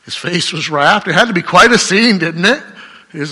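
A man's voice: sits high, lively intonation, unhurried, sharp tone, husky, in a large hall. A man preaching a sermon in a conversational, emphatic way, full of rhetorical questions. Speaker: pastor.

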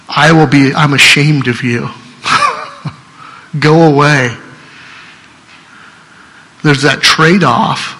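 A male pastor delivers a sermon in a somewhat raised, bright voice. He talks through the passage in a conversational way and grows emphatic when he presses his listeners. The sound carries a long church-hall reverb. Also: fairly high pitch. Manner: conversational preaching, rising to emphatic exhortation.

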